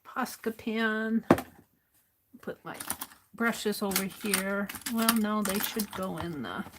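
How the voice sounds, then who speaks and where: A woman streams her art journaling, chatting casually and talking to herself as she works, rambling and amused by herself. Her mid-range voice moves slowly against heavy background noise.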